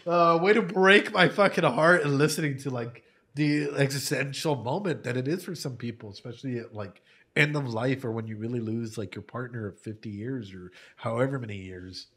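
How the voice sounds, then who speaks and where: A man doing casual reaction commentary in an ordinary mid-pitched voice. He curses freely and breaks into laughter often. He sounds emotional as he tells a heartfelt story. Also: a little fast, fairly bright tone. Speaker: anime reaction host.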